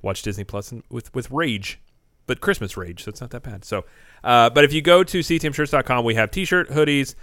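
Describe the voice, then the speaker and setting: A man's voice: mid-range voice, a little fast, a bit bright, no room sound. Male co-host, mid-range voice, dry close sound; loose, rambling, jokey podcast banter. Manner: rambling, joking, self-correcting. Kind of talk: casual podcast chat.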